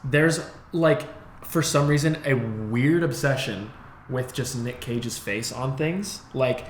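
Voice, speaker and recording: A man's voice: medium pitch, takes it slowly. A man co-hosting a podcast in casual chat, laid-back and swearing freely. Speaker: podcast co-host. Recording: roomy echo, faint noise.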